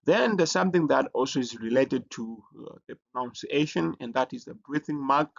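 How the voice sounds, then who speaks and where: Teacher, male, gravelly voice, halting explainer with frequent restarts, muffled lo-fi recording. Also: medium pitch, expressive. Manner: halting, many fillers and restarts. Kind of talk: recorded lesson presentation. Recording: dull lo-fi recording.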